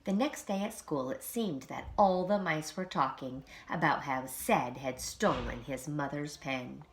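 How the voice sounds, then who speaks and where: A woman, a preschool teacher, reading a children's storybook aloud in an expressive, animated way. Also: low-pitched, unhurried.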